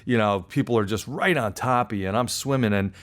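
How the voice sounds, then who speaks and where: A man hosting a podcast, telling a personal story in an animated, self-deprecating way. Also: on the low side, a little fast. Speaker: podcast host. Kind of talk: casual storytelling monologue.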